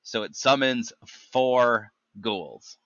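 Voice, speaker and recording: A man's voice: medium pitch, lively intonation, a bit bright, dry recording, highs cut off. A man hosting a casual gaming chat, reading talent descriptions aloud and stumbling over the odd name. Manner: reads tooltips haltingly, stumbles on names. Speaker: gaming podcast host.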